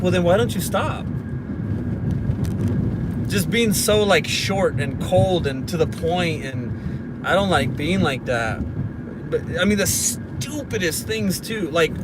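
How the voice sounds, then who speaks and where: A man in his thirties telling a story in a casual vlog from his car, dramatic and self-mocking. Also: fairly high pitch. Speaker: vlogger. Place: inside a car. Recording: car and street noise.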